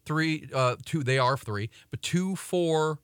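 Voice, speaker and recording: A man's voice: a little high, takes it slowly, smooth, no room sound, clean studio sound. A man co-hosting a casual sports talk show, leading the topics with blunt asides. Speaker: co-host. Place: radio studio.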